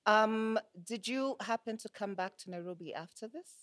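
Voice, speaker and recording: A woman's voice: medium pitch, normal speed. Middle-aged woman interviewer, encouraging, lots of short affirmations. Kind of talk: casual interview.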